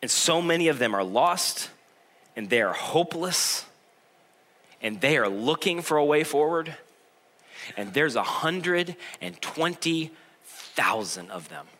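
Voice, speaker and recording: God as a patient, fatherly man who presses a sulking prophet with earnest, pleading questions, as a pastor puts him on in a sermon. The voice is bright and a little high, close to the preacher's own. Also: lively intonation, unhurried, pauses often. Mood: gentle.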